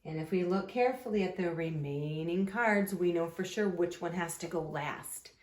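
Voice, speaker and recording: A woman teacher giving a slow, sing-song phonics lesson to young children, drawing words out patiently. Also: fairly low pitch, darkish tone, roomy sound.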